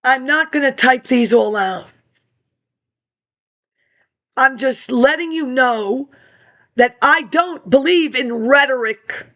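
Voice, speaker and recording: A woman's voice: high voice, slow, pauses often, fairly bright tone. A woman rambling through old archive documents in a scattered monologue, answering herself in asides. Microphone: laptop webcam.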